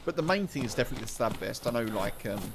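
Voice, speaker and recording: British streamer, male, mid-pitched, chatty rambling commentary over heavy game noise. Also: expressive, rapid-fire. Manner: rambling, chatty, repeats and restarts phrases. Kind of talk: live gameplay commentary. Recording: loud game sounds behind voice.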